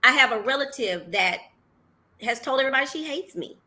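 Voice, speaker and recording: Woman, casual podcast host, high voice, bright, animated and exclaiming. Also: brisk. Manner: animated, exclaiming and acting out her own words. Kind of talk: casual chat.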